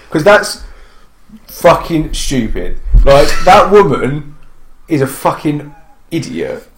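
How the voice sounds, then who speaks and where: A man's voice: a little high, sing-song, takes it slowly, a bit bright, echoey room, slight background noise. A man chatting in casual banter, sweary and incredulous, with lots of disbelieving rants. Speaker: podcast co-host.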